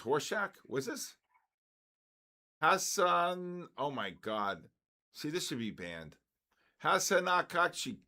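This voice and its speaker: An older man hosts a live trading stream, calling out viewers' names in a loud sing-song with joking exasperation. His voice is mid-range with vocal fry.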